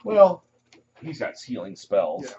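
A man running a tabletop game as dungeon master, relaxed and rambling with many pauses and ums. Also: mid-range voice, slight background noise. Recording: muffled lo-fi recording.

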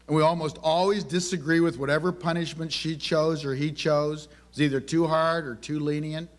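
A man's voice: on the high side, steady tone, a little fast, few pauses. A man giving a conversational sermon on parenting, telling family stories and asking the audience rhetorical questions. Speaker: minister teaching on parenting.

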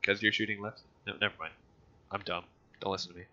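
A man's voice: fairly low pitch, little pitch movement, fast, bright, forceful tone, no echo, dull audio. A man chatting and joking while playing a game with a friend, laughing often. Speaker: gamer. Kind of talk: casual gameplay chat.

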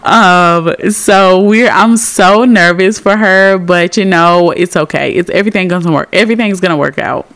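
A woman's voice: lowish voice, normal speed, hardly any pauses, a bit bright. A young woman giving casual, giggly commentary over a life-simulation game, chatting to her viewers. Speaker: Sims let's play creator.

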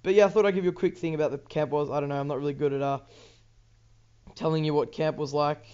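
Rambling Australian teen gamer, slightly high voice. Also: male voice, steady tone, fast, a little mellow, smooth, lo-fi sound. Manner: rambling and distracted, swears, many ums and restarts. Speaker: gaming YouTuber. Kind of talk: casual gameplay commentary.

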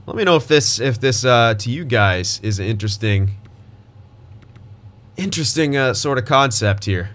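A man's voice: mid-range voice, lively intonation, moderate pace, a bit bright. A young man giving casual gameplay commentary as a gaming YouTuber, thinking aloud and restarting his sentences, with hiccups and voice cracks.

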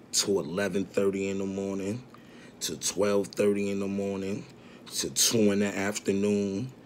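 A man's voice: on the low side, a little mellow. A man casually telling a story in slang, acting out what people said, with faint background noise. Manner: slangy, acts out quoted dialogue.

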